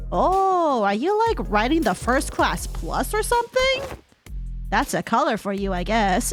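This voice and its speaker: A woman's voice: high-pitched, wildly swooping pitch, a little slow, soft background music. A young woman streamer chatting casually over a game, giggling often and swearing freely. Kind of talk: casual gaming commentary.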